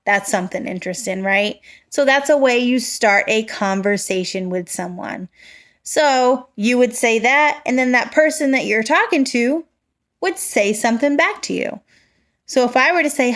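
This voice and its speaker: A woman giving a slow, clear, encouraging lesson to young children, full of simple examples. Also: a little high, animated. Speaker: teacher.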